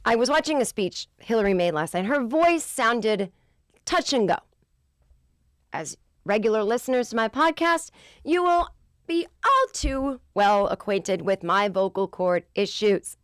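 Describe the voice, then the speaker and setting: A woman's voice: on the high side, a little slow, no room sound, clean studio sound. A woman hosting a podcast, talking in a chatty, casual monologue. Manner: chatty, animated, mimics voices for effect. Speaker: podcast host.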